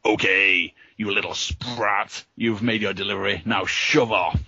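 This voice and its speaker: Guy putting on a menacing gruff alien bouncer from a storybook, deep, growly, slightly husky, dull sound. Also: fairly even intonation, measured pace, sharp tone, no room sound, full character voice. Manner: growling, curt threats.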